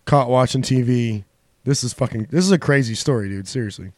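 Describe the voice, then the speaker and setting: A man hosting a casual podcast, easygoing and quick to laugh while reading out stories. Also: medium pitch, darkish tone, no room sound, studio quality. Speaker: podcast host. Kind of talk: casual chat.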